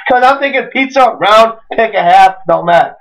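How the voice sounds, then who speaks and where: A man casually telling a comic story on a home podcast, rambling, animated and swearing when worked up. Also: high-pitched, normal speed. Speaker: podcast co-host. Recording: distant, dull lo-fi home recording.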